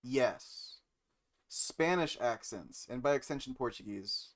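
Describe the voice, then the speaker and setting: A man streaming live, reading code aloud and musing to chat with many pauses and fillers. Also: mid-range voice, animated. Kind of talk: casual live-stream chat while coding.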